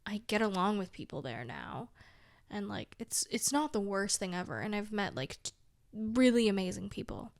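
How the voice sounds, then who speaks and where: Heard in clean, dry studio sound, a young woman's creaky, mid-range voice swings widely in pitch at a moderate pace. Her confessional vlog chat is candid and rambling, heavy on "like," with trailing sentences and wry self-mocking asides.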